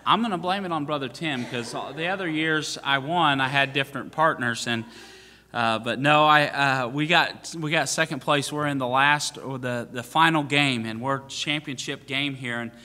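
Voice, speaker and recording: A man serving as pastor tells a rambling, self-mocking story from the pulpit, full of "uh"s and restarts. His voice has a bright, tense edge. A long reverb from the church sanctuary trails each phrase. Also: mid-range voice, moderate pace. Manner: joking, self-mocking, many fillers and restarts.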